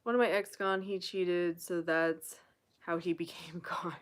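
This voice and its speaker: A woman's voice: fairly low pitch, fairly even intonation. Chatty woman hosting a live Q&A. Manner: chatty, reads viewer comments aloud, quick asides. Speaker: livestream host. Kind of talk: casual live Q&A chat.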